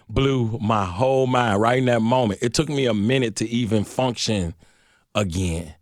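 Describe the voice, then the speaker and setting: Animated storytelling man from Detroit, dry sound. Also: medium pitch, normal speed, no room sound. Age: middle-aged. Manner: animated, slangy storyteller acting out voices. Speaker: guest. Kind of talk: storytelling in a radio interview.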